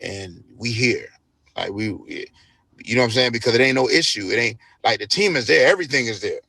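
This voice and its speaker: A man's voice: mid-range voice, animated, brisk, vocal fry, pushed and bright, husky, dry recording. A man, a DJ, telling a story casually in an interview, laid-back and profane, acting out what others said. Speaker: DJ guest.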